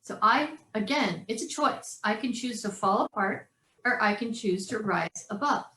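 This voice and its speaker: A woman in her forties telling a story in an animated way and acting out the voices of others as an interview guest. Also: medium pitch, moderate pace, echoey room, poor audio. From California.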